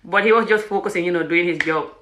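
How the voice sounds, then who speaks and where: A woman vlogger telling a personal story in a casual, animated way, often breaking into laughter. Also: on the low side, fast talker, echoey room, a little hiss or hum.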